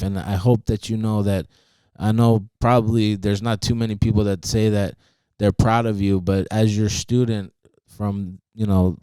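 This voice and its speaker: A man with a lowish, smooth, clear voice who tells a personal story in an earnest, confessional tone, often quoting what others said. He sounds close to the mic in a dry space with no echo. He speaks as a grateful former student. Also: mellow.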